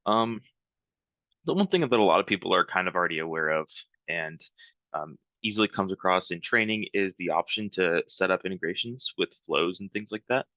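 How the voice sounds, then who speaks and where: Deep-voiced man leading a software webinar. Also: brisk, no echo, dull audio. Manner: relaxed, rambling, many ums. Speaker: webinar trainer. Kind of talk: live software training webinar.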